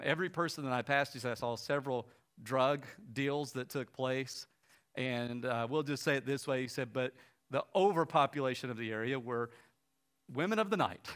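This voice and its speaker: A man delivering a sermon in a middle-pitched voice, telling a story and acting out the people in it with quoted lines. Toward the end he drops to a quiet, soft appeal. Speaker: pastor.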